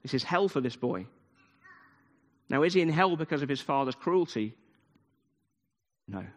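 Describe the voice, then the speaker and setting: A man's voice: fairly high pitch, animated, moderate pace. A man preaching a sermon, retelling a story with emphatic repetition. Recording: long hall reverb.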